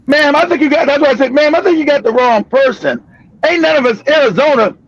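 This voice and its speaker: An older man from California, hosting a live stream and telling a story loudly with profanity, laughter and bursts of shouting. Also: extremely high pitch, lively intonation, fast talker. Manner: loud, profane, laughing, often breaks into shouting. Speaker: livestream show host. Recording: dull lo-fi stream audio.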